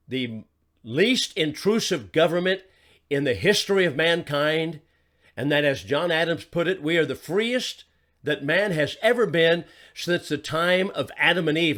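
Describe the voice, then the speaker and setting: A man's voice: on the high side, a bit bright. Emphatic man in a political monologue. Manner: emphatic, rhetorical questions, repeats phrases. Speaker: host.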